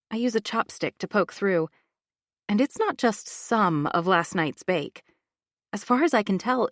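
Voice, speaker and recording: A woman narrating a first-person thriller audiobook with an expressive, emotional delivery. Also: a little high, no room sound, studio quality.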